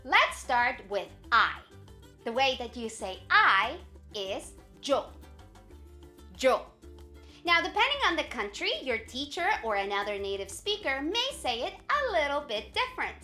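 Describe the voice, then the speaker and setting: A high, bright woman's voice that swoops up and down with animated energy. She is a native Spanish speaker from Colombia, leading an encouraging video lesson and repeating each word slowly for the learner. Soft music plays behind her. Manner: lively, encouraging, slow modelled repetition. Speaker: Spanish teacher.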